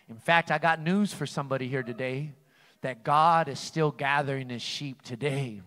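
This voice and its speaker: A male pastor preaching a fervent sermon, repeating key phrases and swinging between soft and loud passages. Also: sits high. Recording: long reverb of a large hall.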